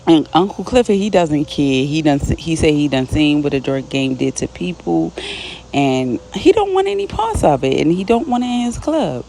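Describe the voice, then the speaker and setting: A woman casually recapping a TV episode, retelling scenes with quick quoted dialogue and her own side comments. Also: deep voice, animated, gravelly, dark tone, a little hiss or hum.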